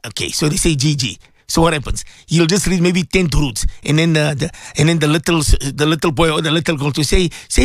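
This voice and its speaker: A man's voice: on the high side, animated, fairly quick, hardly any pauses, no echo, clean studio sound. A man preaching a radio sermon, impassioned and pleading, repeating himself and mixing Arabic religious phrases into his English. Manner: impassioned, pleading, repetitive exhortation.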